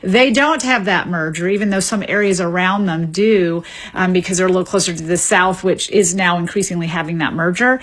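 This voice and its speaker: Woman linguist explaining calmly. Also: fairly low pitch, slightly rough. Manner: measured, explanatory, with small restarts. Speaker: linguist guest. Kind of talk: radio interview, explaining.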